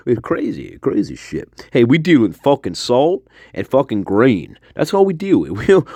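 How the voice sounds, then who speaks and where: Man doing a gravelly old yarn-spinner. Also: medium pitch, dry recording, full character voice. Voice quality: gravelly, husky. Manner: rambling, profane, digressive, jumps between hushed mutters and loud outbursts. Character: rambling very old Delta man telling tall tales. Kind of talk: improvised comedic monologue.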